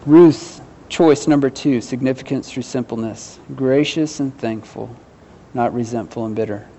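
A man's voice: medium pitch, measured pace, dark tone, slight background noise. A man preaching a sermon, earnestly putting questions to his congregation with some self-deprecating humor. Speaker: pastor.

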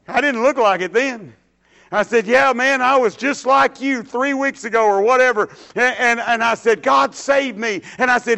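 Texan preacher guy, high bright voice, folksy storytelling, lots of amens. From Texas, USA. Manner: folksy storytelling, drawn-out phrases, frequent amens. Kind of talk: sermon with personal testimony.

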